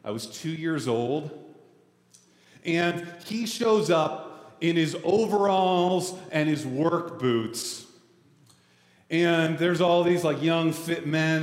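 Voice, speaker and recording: A man in his forties, a pastor preaching a sermon in a casual, joking, self-deprecating way. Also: on the high side. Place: church sanctuary. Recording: roomy hall reverb.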